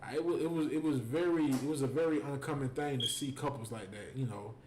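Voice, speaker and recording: A man hosting a stream, telling stories in a casual, animated and joking way. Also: mid-range voice, fast talker. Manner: animated, joking, full of fillers. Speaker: host. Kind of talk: casual storytelling and preaching on a stream. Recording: echoey room with faint noise.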